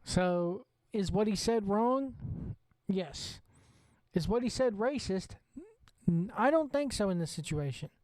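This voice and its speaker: A wrestling show host with a Southern US accent rants bluntly and swears freely during an opinionated watch-along. His voice sits high with a darkish tone, animated but slow-paced, and there's no room sound.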